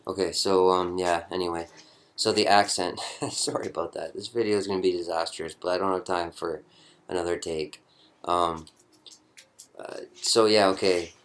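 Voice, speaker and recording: A man's voice: low-pitched, fairly even intonation, moderate pace, a bit bright. A young man giving a rambling, chatty show-and-tell walkthrough of something he built, often correcting himself mid-sentence. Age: young adult. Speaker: hobbyist prop builder.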